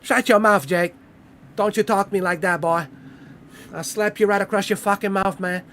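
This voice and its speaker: Man putting on a loud bullying tough guy. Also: sits high, fairly even intonation, normal speed, a little hiss or hum, pitched above the performer's own voice. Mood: bossy. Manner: shouting, bullying, mock threats.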